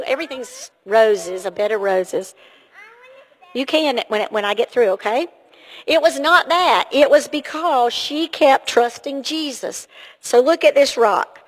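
Woman leading a children's church talk. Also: sits high. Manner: asks children questions, animated and encouraging. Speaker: children's sermon leader. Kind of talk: children's sermon. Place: church sanctuary. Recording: long hall reverb.

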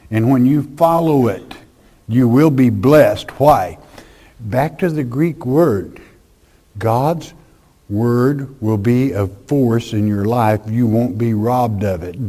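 A man preaching a folksy, emphatic sermon, swinging between loud declarations and hushed asides. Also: mid-range voice.

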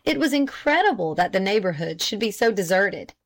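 A woman narrating a period novel in a measured, even storytelling voice. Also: medium pitch. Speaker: audiobook narrator. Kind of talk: scripted narration.

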